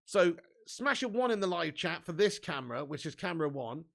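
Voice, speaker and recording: A man's voice: a little high, big pitch swings, brisk, creaky. A man hosting a casual fan live stream, chatty and laughing often, swearing freely and reading viewer comments aloud.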